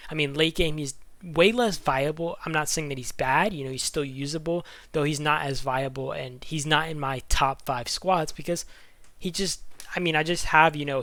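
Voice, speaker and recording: A man's voice: on the high side, a bit bright, no echo. A man giving casual game strategy commentary, rambling with lots of fillers and restarts, out of breath. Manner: rambling, filler-heavy, self-correcting. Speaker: gaming YouTuber.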